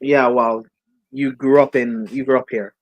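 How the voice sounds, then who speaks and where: A young man from Ireland with a mid-pitched voice, taking part in a relaxed football chat. He keeps a measured, questioning manner. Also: dry recording. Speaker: podcast panelist. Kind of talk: casual chat.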